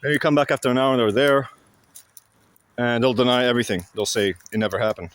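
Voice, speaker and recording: A man talking to camera in a casual explanatory monologue, halting and blunt, with frequent fillers and restarts. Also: mid-range voice, clear, resonant tone. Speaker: vlogger.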